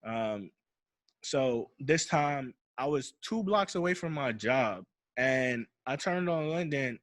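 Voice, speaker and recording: A young man recounts a personal story in loose, slangy talk, circling back with "I'm like." His voice sits at a middle pitch, recorded dry with no room sound around it. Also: expressive, takes it slowly, dry recording. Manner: slangy, repeats "I'm like" and restarts while retelling. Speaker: podcast host.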